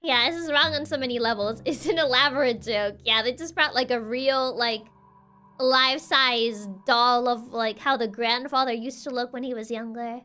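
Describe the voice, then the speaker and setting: A woman's voice: on the high side, moderate pace, sharp tone. A young woman streamer giving casual game commentary, playful and joking, with lots of fillers.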